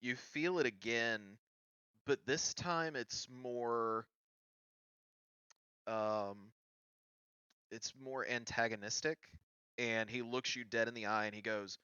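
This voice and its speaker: Slow, bright-voiced male game master. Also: medium pitch, smooth, no echo, dull audio. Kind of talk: narrating a tabletop game.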